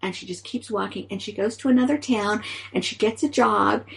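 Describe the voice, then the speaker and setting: A woman's voice: mid-range voice, brisk, vocal fry, low-quality recording. A woman co-hosting a podcast who speaks enthusiastically and jokes in a casual chat. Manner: enthusiastic, joking. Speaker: podcast co-host.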